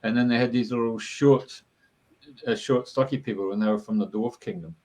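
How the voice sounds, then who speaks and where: A man's voice: mid-range voice, brisk, a little mellow, poor audio. A man, a guest in an interview, tells long rambling stories in a casual, chatty way, with lots of ums and uhs. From Australia. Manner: rambling and chatty, with many fillers. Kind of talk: casual storytelling.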